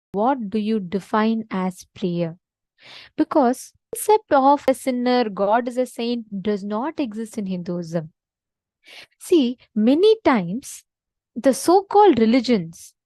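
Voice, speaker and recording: Woman spiritual teacher, earnest and emphatic, high voice, dry close sound. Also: warm tone, no echo, poor audio. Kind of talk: devotional teaching session.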